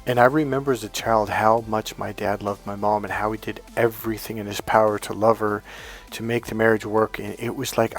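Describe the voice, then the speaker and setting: A middle-aged man giving dating coaching and telling a personal story in an earnest, emphatic way, sometimes acting out what others said. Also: lowish voice. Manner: earnest, emphatic, acts out quotes.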